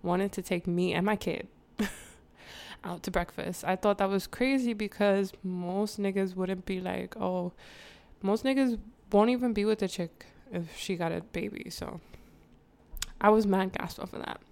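A woman vlogger with a gravelly, creaky voice, telling a personal story to her viewers. Her pitch sits in a middle range. She talks frankly in slang, laughs often and wanders into side remarks. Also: fairly even intonation, a little slow, a little mellow. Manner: chatty, digresses, addresses viewers. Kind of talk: candid storytime.

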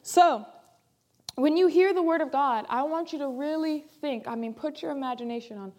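A woman pastor delivers an emphatic sermon at a moderate pace, her voice sitting high. She repeats key phrases and moves between loud and soft delivery.

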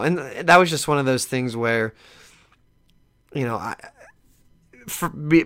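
A man's voice: medium pitch, fairly bright tone. A young man hosting his own podcast, talking casually in an earnest, rambling way with frequent restarts. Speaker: podcast host. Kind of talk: casual solo podcast talk.

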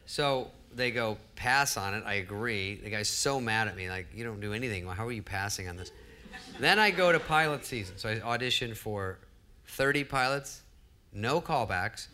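Wry, bright-voiced man telling stories. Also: lowish voice, expressive, normal speed, a little hiss or hum. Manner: wry, self-deprecating anecdotes. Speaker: comedian guest. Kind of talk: storytelling on stage. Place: live audience event hall.

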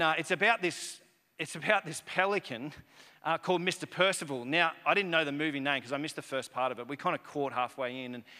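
A man's voice: a little high, pushed and bright. A man in his thirties, a pastor telling a personal story in a sermon, conversational and rambling with many restarts. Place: church auditorium. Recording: reverberant church hall.

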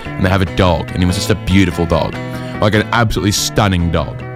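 A man telling a long, wry anecdote in a casual, chatty way, with quick asides and fillers. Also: deep voice, music in the background. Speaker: storyteller.

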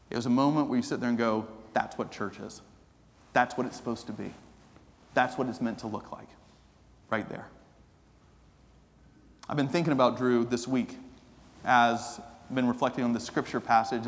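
A man preaching a sermon as pastor, telling a story that moves from animated to hushed and earnest. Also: mid-range voice. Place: church sanctuary. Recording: long reverb of a church hall.

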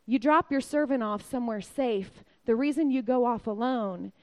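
A woman preaching a sermon, telling stories with animated, acted-out quotes. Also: a little high, moderate pace, low-quality recording. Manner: animated storyteller, acts out quotes. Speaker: speaker at a church service. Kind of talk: sermon storytelling.

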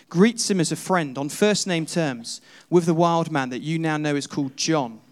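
Male preacher, slightly higher voice, storytelling sermon delivery, asks questions of the congregation. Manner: storytelling, second-person, rhetorical questions. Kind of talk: sermon with imaginative retelling.

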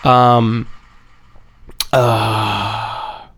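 A man's voice: on the low side, flat delivery, extremely slow, fairly bright tone, slightly rough, no echo. A man giving a casual, rambling episode recap, full of swearing and playful repetition.

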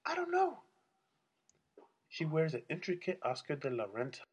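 A man's voice: on the high side, wildly swooping pitch, normal speed, slight background noise. A man talking alone to his audience in a casual, rambling rant, blunt and full of swearing. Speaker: solo vlogger.

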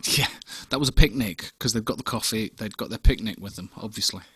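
A man's voice: lowish voice, fairly quick, sharp tone, slightly rough, no echo. A man co-hosting a casual podcast chat, laughing easily and stumbling over restarts. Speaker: podcast co-host.

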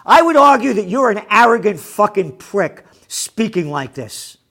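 A man in a furious rant over the news, swearing and jeering at the people he quotes. His voice sits high and swings wildly, climbing into near-shouts and then dropping low and scornful. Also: big pitch swings, unhurried, gravelly. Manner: angry, profane, sarcastic, mocking quoted people. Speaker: commentator. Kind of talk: ranting news commentary.

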